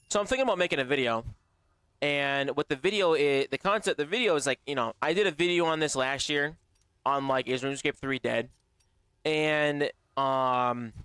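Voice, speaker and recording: A man chatting casually on a gaming livestream, slangy and profane, his voice slightly strained from yelling. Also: a little high, clear, resonant tone, no echo. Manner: slangy and profane, calls chat bro and baby. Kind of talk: casual live-stream chat.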